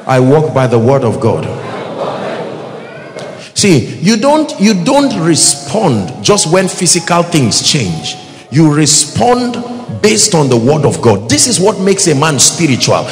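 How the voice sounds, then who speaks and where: A man's voice: fairly high pitch, wildly swooping pitch, measured pace. A man with a Nigerian accent preaching a sermon in a large church hall, emphatic and rhythmic, asking the congregation to respond and sometimes breaking into song. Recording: echoey hall with music behind.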